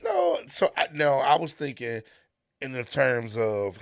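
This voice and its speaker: A man's voice: mid-range voice, a little slow, gravelly, no echo, clean studio sound. A man hosting a podcast, asking easygoing questions and backing the guest with constant okays. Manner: steady stream of "okay" backchannels, easygoing questions. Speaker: podcast host. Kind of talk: casual interview chat.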